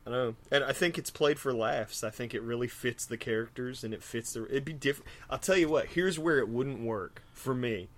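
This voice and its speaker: A man's voice: mid-range voice, normal speed, few pauses, a bit bright. A man co-hosting a comic book podcast, chatty and laughing often in casual talk. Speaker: podcast co-host.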